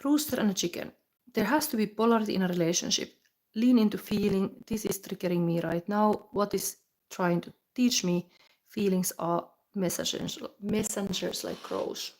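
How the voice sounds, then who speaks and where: Woman doing a live tarot reading, slow musing voice, mid pitch. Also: a little mellow, low-quality recording. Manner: slow, musing, reads card texts then comments with fillers. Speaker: tarot reader.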